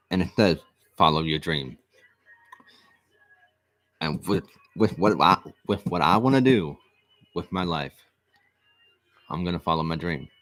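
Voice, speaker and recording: Deep-voiced man earnestly telling a personal story. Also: fairly bright tone, dry recording. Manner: earnest, repetitive, halting restarts. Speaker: vlog host.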